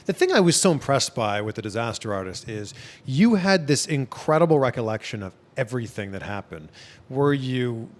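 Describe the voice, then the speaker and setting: A man's voice: medium pitch, big pitch swings, moderate pace. A man hosting a casual interview, asking questions and giving short affirmations. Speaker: interview host. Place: guest's home in Los Angeles.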